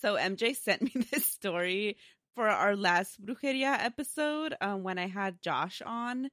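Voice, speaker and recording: A woman's voice: medium pitch, lively intonation, a little slow, fairly bright tone, no room sound. Chatty woman podcast co-host, dry sound. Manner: chatty, laughs often, reads listener stories aloud. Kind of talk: casual podcast chat and story reading.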